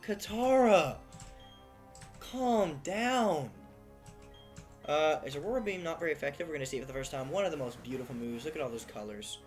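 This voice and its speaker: A man talking through a video game run in chatty, self-mocking commentary. He gets excitable over the game. Faint music plays under his voice. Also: mid-range voice, racing, hardly any pauses. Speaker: gaming YouTuber. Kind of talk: let's play commentary.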